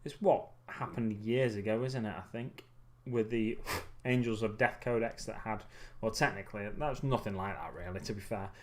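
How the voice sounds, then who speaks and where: A man hosting a relaxed hobby livestream, talking while he builds miniatures in a rambling, musing way with many pauses and self-corrections. He sounds a little tired. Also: lowish voice. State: getting tired.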